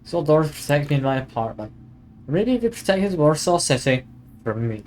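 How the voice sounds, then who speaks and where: A man's voice: on the high side, sing-song, moderate pace, a little mellow, a little hiss or hum. A man streaming a detective game, chatting wryly and reading game text aloud. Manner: chatty, wry, reads aloud with asides.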